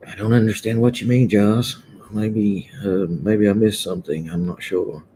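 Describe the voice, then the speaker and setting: A man's voice: fairly low pitch, steady tone, moderate pace, mellow, slight background noise. A man hosting a casual livestream, chatting loosely and greeting viewers one by one from an indoor room. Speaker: livestream host. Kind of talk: casual live chat with viewers.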